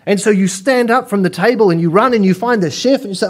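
A man preaching a sermon as pastor, telling lively stories and acting out little scenes. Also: sits high, fast talker, few pauses.

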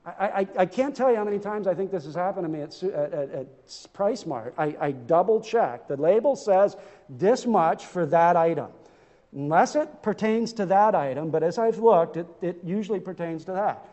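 A man's voice: high-pitched, lively intonation, moderate pace, dark tone, in a large hall. A man preaching a sermon in a church, earnest and emphatic, often stumbling over repeated words as he restarts.

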